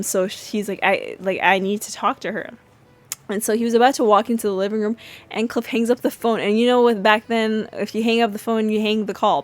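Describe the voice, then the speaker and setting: Chatty woman podcast host. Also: mid-range voice. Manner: chatty, many fillers and restarts, lively retelling. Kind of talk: casual episode recap.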